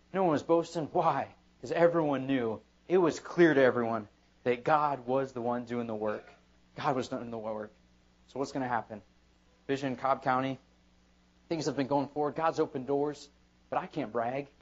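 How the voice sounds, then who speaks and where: A pastor preaches an evening sermon in church at medium pitch and a moderate pace. He is emphatic and repetitive. The sermon recording sounds dull and lo-fi.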